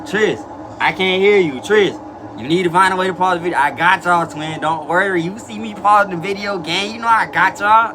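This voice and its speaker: A man's voice: fairly high pitch, background noise. A young man hosting a reaction video, talking casually in slang and rambling to his chat.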